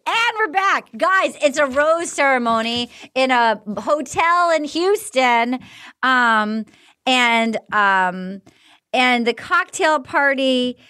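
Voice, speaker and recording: A woman's voice: high-pitched, expressive, slow pace, bright, forceful tone, smooth, no room sound, studio quality. A woman hosting a podcast, chatting casually and swearing freely while she recaps, with lots of fillers. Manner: chatty, profane, full of fillers. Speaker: podcast host. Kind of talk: casual chat recapping a dating show.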